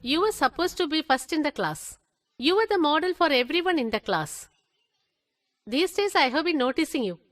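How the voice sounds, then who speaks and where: A woman's voice: high-pitched, big pitch swings, moderate pace, a bit bright. An actress playing a strict female schoolteacher who lectures and scolds a student in dubbed film dialogue. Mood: stern. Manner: stern, lecturing. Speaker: teacher.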